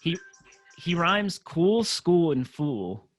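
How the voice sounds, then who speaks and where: A man's voice: fairly high pitch, very slow, dry recording, faint music behind. A young man co-hosting a casual chat, mocking rap tracks with lots of swearing. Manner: profane, mocking, animated. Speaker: co-host. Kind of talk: casual chat reacting to music.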